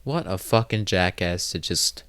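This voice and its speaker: A man's voice: low voice, measured pace, a bit bright, clean tone, dry recording. A man hosting a solo podcast, telling a rambling, profane story full of fillers and restarts. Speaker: podcast host. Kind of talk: casual solo podcast monologue.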